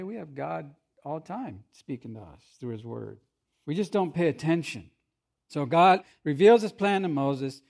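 A man preaching as a pastor, speaking conversationally with playful asides and acted-out quotes. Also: a little high. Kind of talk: sermon.

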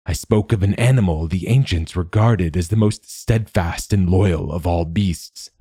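A man voicing an ancient, secretive machine god in a storybook reading, with a rasping, slow and measured delivery. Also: deep voice, warm tone, dry recording, clean studio sound. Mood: solemn. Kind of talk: audiobook narration.

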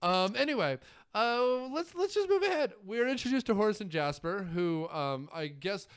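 A man co-hosting a movie podcast in a loose, joking way, laughing as he rambles along. His voice is smooth and clear, pitched a little high and very lively in its rise and fall. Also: moderate pace. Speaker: podcast co-host. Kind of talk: casual movie-review chat.

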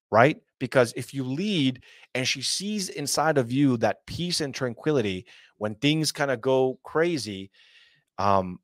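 Young male host, casual preachy rambler, mid-pitched, dry room sound. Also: a bit bright, no echo. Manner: rambling, many fillers and asides, earnest preaching tone. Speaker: commentary show host. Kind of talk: casual commentary monologue. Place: small hot room at home.

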